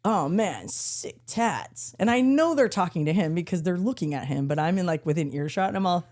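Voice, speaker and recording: A woman co-hosting a podcast, telling funny stories in a casual, animated way and acting out the people in them. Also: lowish voice, fast talker. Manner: animated storyteller, acts out voices. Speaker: podcast co-host. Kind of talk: casual chat.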